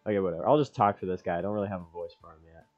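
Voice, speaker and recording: A man's voice: sits low, very fast, dull audio, soft background music. A young man giving goofy, rambling let's-play commentary, joking about the game. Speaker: gamer.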